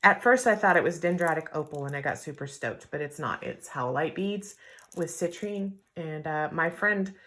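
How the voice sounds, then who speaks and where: A middle-aged woman talks through a jewelry unboxing in a casual, chatty vlog style. Her voice sits a little low for a woman. She is candid and rambling, full of "um"s and side comments. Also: normal speed, fairly bright tone. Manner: chatty and candid, with fillers and asides. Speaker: jewelry reseller vlogger.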